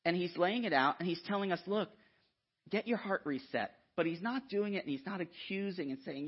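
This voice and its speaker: A man preaching a sermon in an animated, conversational way, often checking in with the listeners. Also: high voice, brisk, husky. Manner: animated, conversational, frequent "right?" asides. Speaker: guest preacher. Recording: dull lo-fi sound.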